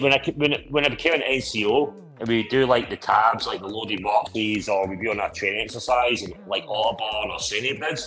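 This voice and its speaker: Man, mid pitch, crude casual storyteller, constant swearing, faint music in the background. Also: fairly bright tone, low-quality recording. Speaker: podcast co-host. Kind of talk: casual pub-style chat.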